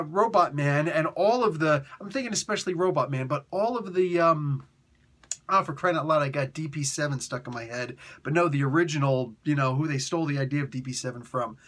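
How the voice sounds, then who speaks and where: A man hosting a comic book review show, talking in a casual, animated way, often laughing and sounding exasperated. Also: fairly high pitch.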